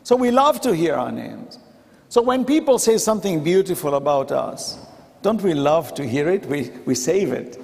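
A man's voice: a little high, lively intonation, normal speed, creaky, darkish tone. A man giving a conversational sermon in a mosque, acting out the quoted dialogue as he goes. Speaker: preacher. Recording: reverberant mosque hall.

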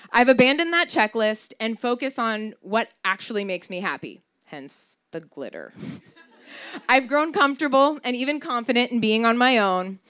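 Wry, lively woman storyteller. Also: fairly high pitch. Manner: wry, candid, swears for comic emphasis. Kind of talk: live personal storytelling performance.

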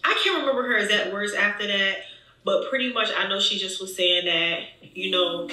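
A young woman vlogger with a mid-range voice speaks at a moderate pace, telling a storytime and animatedly acting out what people said to her. The room is echoey and she sounds distant from the mic.

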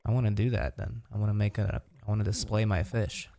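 A man's voice: on the low side, steady tone, fast, vocal fry, dark tone, slight background noise. A young man streamer chatting in a game, joking and telling rambling stories. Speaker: fellow streamer. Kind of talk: casual gaming chat.

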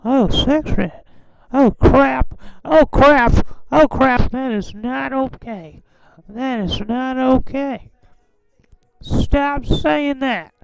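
A man voicing a creepy, leering old man, with high, quavering, drawn-out exclamations. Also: gravelly, clear, resonant tone, no room sound, full character voice, low-quality recording. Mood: scandalized.

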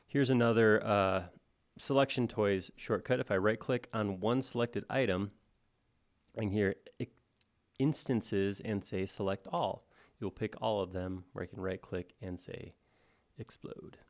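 Gravelly, low-voiced man thinking aloud. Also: fairly even intonation, measured pace. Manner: thinks aloud, casual and self-deprecating. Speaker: software instructor. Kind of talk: live-stream modeling tutorial.

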